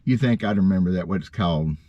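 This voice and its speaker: Deep and warm, the voice belongs to a middle-aged bass fishing vlogger from Missouri who wanders through a casual story. He's folksy and self-deprecating, drawing out words to stress them. The dry recording sounds dull and lo-fi.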